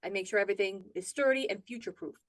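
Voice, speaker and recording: A woman's voice: mid-range voice, no echo, close to an everyday voice. A woman voicing a confident, self-assured veteran contractor. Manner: brisk, self-assured sales talk.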